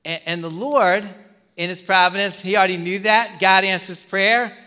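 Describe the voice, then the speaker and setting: Bright, high-voiced male pastor preaching. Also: moderate pace, in a large hall. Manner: conversational, animated storytelling with many asides. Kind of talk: sermon.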